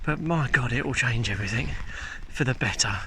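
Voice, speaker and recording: A man's voice: medium pitch, fairly quick, bright, forceful tone, a little hiss or hum. A man chatting casually and candidly while out on a countryside walk, filming himself on a handheld camera. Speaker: vlogger. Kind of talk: casual walking chat. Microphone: handheld camera while walking. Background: faint outdoor ambience.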